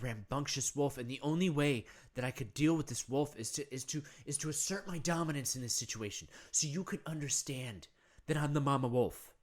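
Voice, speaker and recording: A man's voice: mid-range voice, natural voice. A man voicing a stern but loving mother who patiently lectures her son before punishing him. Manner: patient, lecturing, calmly firm.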